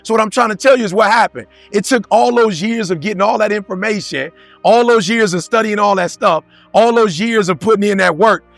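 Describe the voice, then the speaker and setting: High-pitched punchy motivational speaker man. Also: brisk, gravelly, fairly bright tone, no room sound, soft background music. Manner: punchy rhetorical questions, street-casual slang. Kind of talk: motivational talk to a live audience.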